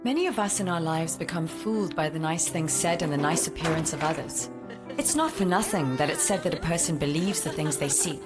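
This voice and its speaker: A woman giving a measured, moralizing voice-over narration in a dubbed drama. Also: low voice. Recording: voice-over with loud music score.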